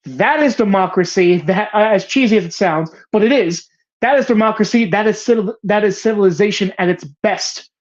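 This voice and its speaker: A woman hosting a movie bracket show gushes and swears through casual, passionate film talk, her thoughts spilling out in rambling restarts. She speaks fairly quickly at an ordinary mid-range pitch, and the recording sounds slightly muffled and lo-fi.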